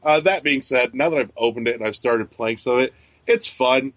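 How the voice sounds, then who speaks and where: A fairly quick, medium-pitched male voice with a fairly bright tone belongs to a podcast co-host. He rambles and swears through casual conversation, often using fillers and starting over. It's a dry recording with a dull, lo-fi feel.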